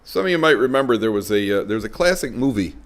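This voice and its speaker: Animated rabbi telling stories. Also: male voice, on the low side, fast talker. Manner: lively storyteller, acting out dialogue. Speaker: rabbi lecturing. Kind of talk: lecture to a live audience.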